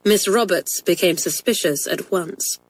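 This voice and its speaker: A woman's voice: on the low side, a little slow, slightly rough, poor audio. Woman reading a children's story. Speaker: audiobook narrator.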